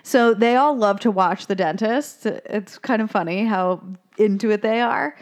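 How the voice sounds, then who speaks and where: A woman's voice: mid-range voice, unhurried. A woman co-hosting a podcast, chatting casually and laughing as she retells a film's scenes. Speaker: podcast co-host. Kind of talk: casual chat recapping a film.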